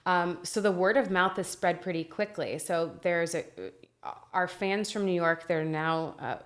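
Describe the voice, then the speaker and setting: Low-voiced woman, guest in a chat. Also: steady tone, a little slow. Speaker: guest, restaurant manager. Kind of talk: casual interview chat.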